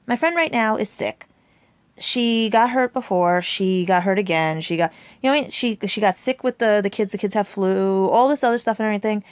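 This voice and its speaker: A woman's voice: medium pitch, fairly quick, clean tone, no room sound. A woman in her forties telling a rambling personal story to her viewers, chatty and full of asides like "right?" and "and everything". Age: 40s. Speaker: vlogger.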